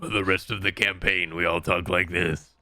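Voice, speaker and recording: A man's voice: deep voice, flat delivery, normal speed, sharp tone, no echo. A man putting on a dramatic male movie-trailer announcer voice, drawn out and grand.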